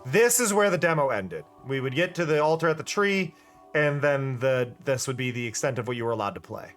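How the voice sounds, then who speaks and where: A person giving chatty, joking commentary while streaming a game. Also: male voice, mid-range voice, lively intonation, a little fast, a bit bright, faint music behind. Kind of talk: casual gameplay commentary.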